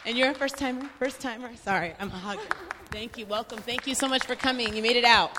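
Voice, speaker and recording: A woman's voice: on the high side, quick pace, a crowd in the background, background noise. A woman moderating a group discussion, exuberant and cheering, laughing as she talks. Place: mosque prayer hall. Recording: long hall reverb.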